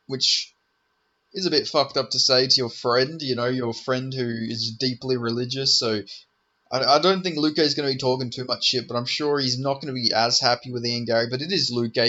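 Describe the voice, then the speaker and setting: Bright-voiced man ranting about fights. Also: medium pitch, lo-fi sound. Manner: rambling, profane, joking. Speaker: MMA commentator. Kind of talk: casual fight preview commentary.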